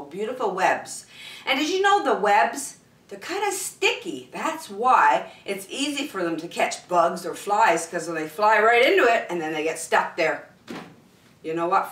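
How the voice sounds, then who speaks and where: A woman reading a picture book aloud to children in an animated, sing-song storytelling voice. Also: lowish voice, roomy sound.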